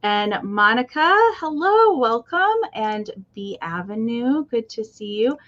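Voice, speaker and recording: Chatty higher-voiced woman hosting a live sale. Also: animated, takes it slowly, a bit bright, dull audio. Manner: chatty, greets viewers one by one. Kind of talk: casual livestream chat.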